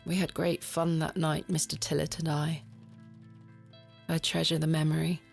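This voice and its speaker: Composed victorian girl narrating a game, reflective and proper, bit low. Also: flat delivery, normal speed, gravelly, soft background music. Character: young Victorian woman protagonist, composed.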